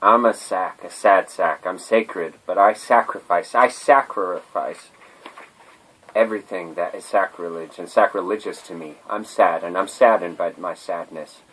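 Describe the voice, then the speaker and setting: A man performing an improvised spoken-word poem, stringing playful alliterative words together with halting repeats and a drawn-out, musing delivery. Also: low-pitched, fairly even intonation, fairly bright tone, breathy edge, low-quality recording.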